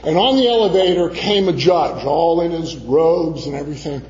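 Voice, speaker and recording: Man preaching, high voice, tells a story and does the other voices, dull sound with long church echo. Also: moderate pace, darkish tone. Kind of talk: sermon with a personal story.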